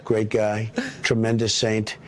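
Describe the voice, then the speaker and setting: A man doing a comic impression of a boastful male president, bragging in repetitive superlatives with a deadpan delivery. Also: lowish voice, takes it slowly, noisy background. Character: boastful rambling male president, self-praising. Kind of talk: comedic impression sketch.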